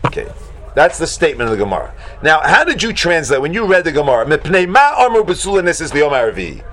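A man teaching a Talmud class to students, animated, acting out shocked exclamations and talking casually with many fillers. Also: a little high, fast talker, noisy background.

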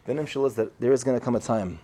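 Racing along in a mellow mid-range voice, a man tells a Torah parable as an informal sermon, with a little hiss or hum underneath. He repeats himself, voices the quoted speakers, and keeps the tone conversational.

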